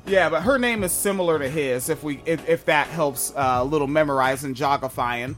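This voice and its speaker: A man's voice: fairly high pitch, fairly quick, a bit bright, faint music behind. A man in his thirties hosting a podcast book club in casual chat, joking, profane and rambling. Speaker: podcast host.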